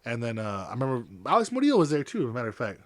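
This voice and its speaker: A young man talks fast on a podcast, telling rough stories with animated, profane energy. His pitch sits in the middle, and he drops into quoted voices as he goes. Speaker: podcast guest. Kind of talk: casual podcast chat.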